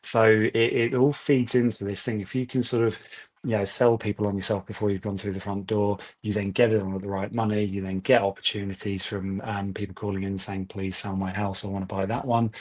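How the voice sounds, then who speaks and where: Guest estate agent, chatty storyteller; low voice that stays fairly flat. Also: male voice, fairly quick. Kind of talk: webinar interview answers.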